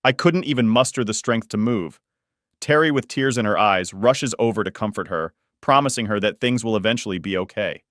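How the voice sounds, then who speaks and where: A man reading a first-person story aloud as scripted narration, in a steady, measured way. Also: on the low side, dry recording, studio quality.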